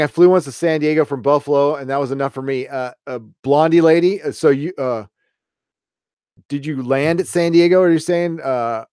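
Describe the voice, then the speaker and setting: A man's voice: mid-range voice, a little mellow, no room sound, clean studio sound. A middle-aged man hosting a casual live stream, rambling through stories with profanity and laughing as he reads chat. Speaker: host reading live chat.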